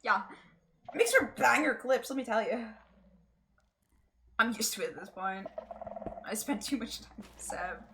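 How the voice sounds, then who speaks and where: A woman's voice: fairly high pitch, lively intonation, moderate pace, long pauses, pushed and bright. A woman streaming a game, chatting casually and playfully, laughing often. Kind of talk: casual gaming stream chat.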